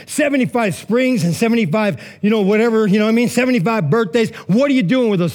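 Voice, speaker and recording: A man's voice: high-pitched, darkish tone. A man preaching a sermon in a casual, conversational way, full of asides and rhetorical questions. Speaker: pastor.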